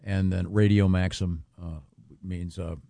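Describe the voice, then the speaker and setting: A man hosting a morning radio show in a studio, chatting casually and pausing often with lots of uh and restarts. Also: low voice, level tone, gravelly, dark tone, dry recording. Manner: halting, full of uh and restarts.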